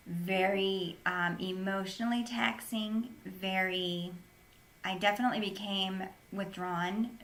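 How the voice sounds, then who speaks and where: A woman's voice: mid-range voice, a bit bright. A woman, an interview guest, recounting a personal story in an earnest, plain-spoken way.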